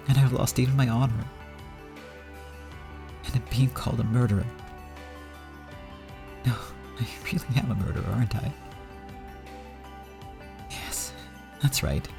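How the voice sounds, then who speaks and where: A man's voice: mid-range voice, vocal fry, voice pushed up. A man reading aloud as a proud middle-aged woman, bitter and anguished, accusing and then pleading. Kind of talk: reading a visual novel aloud.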